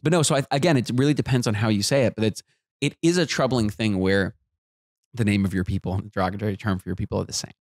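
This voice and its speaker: A man's voice: fairly low pitch, fast talker, a little mellow, no echo, studio quality. A young man, a rabbi, chatting as a podcast guest in casual, joking banter. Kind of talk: casual comedic chat.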